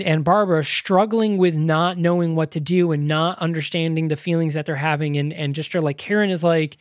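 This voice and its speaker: A man's voice: fairly high pitch, no room sound, studio quality. A man co-hosting a podcast, retelling a movie in casual chat, emotional and rambling with many fillers. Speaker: podcast co-host.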